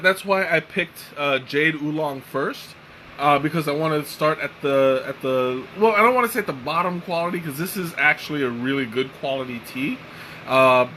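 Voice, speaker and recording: A tired, relaxed man hosting a live tea-tasting stream, chatting casually and rambling with lots of fillers and restarts. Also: fairly high pitch, slight background noise, poor audio. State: tired and mellow. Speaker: tea livestream host.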